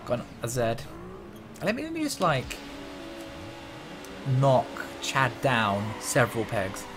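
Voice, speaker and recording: A man's voice: mid-range voice, huge pitch swings, slow pace. A man casually commentating on a racing game, joking and swearing as he plays. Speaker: gaming channel host. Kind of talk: let's play commentary. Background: background music.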